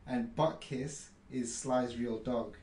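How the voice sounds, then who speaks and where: A man telling a story in casual podcast chat, animated and full of fillers. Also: medium pitch, slow pace, distant mic. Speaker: podcast co-host. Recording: roomy room, faint noise.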